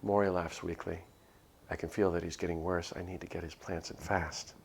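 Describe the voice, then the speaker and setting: A man's voice: low voice, flat delivery, normal speed, creaky, a little hiss or hum. A man streaming himself reading a visual novel aloud, narrating in first person with a nervous, earnest delivery and small self-corrections. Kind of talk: dramatic first-person reading of a game script.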